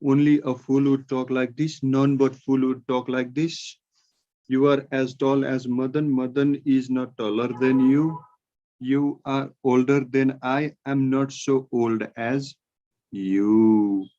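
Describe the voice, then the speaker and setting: A man with a Nepali accent teaching English grammar in an online class, dictating sentences slowly word by word. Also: medium pitch, flat delivery, warm tone, highs cut off.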